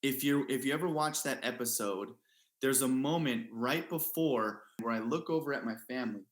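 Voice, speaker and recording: Male guest, earnest storyteller, average pitch, roomy echo on the voice. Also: normal speed. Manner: earnest, repeats himself, lots of fillers. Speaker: guest athlete. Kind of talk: casual storytelling.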